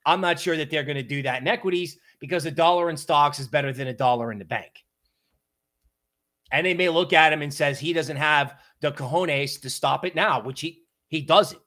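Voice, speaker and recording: Man, higher-pitched voice, animated joking storyteller, casual market commentary host. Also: brisk. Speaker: crypto market livestream host.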